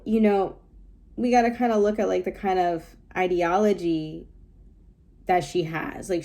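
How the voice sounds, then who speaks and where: A woman's voice: fairly low pitch, creaky, mellow. A woman giving casual reaction commentary on a clip, thinking aloud in a loose, rambling way. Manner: thoughtful, rambling with many fillers.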